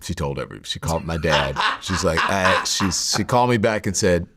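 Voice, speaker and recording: A middle-aged man telling his life story in a sit-down interview, reflective and halting, with many fillers and restarts. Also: sits low, expressive, very noisy. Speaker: interview guest.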